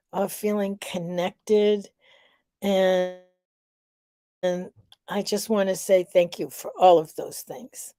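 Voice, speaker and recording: Middle-aged woman on a live vlog, slow and mellow, kinda breathless, lots of ums. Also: mid-range voice, no room sound, clean studio sound. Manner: warm, reflective, unhurried with many fillers. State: slightly out of breath. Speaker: vlog host. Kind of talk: casual live vlog reflection.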